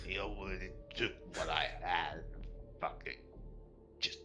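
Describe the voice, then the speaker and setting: A man voicing a gruff drunken old man who slurs and swears. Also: sits low, steady tone, unhurried, bright, forceful tone, faint music behind, voice pushed down, heavily acted. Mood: angry. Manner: slurred, swearing, grumbling.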